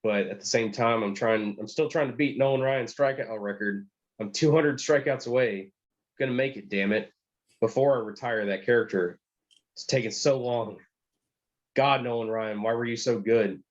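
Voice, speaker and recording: A man's voice: medium pitch, moderate pace, dull audio. A man with a Texan accent, co-hosting a podcast, telling rambling joking stories in casual chat. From Texas. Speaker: podcast co-host.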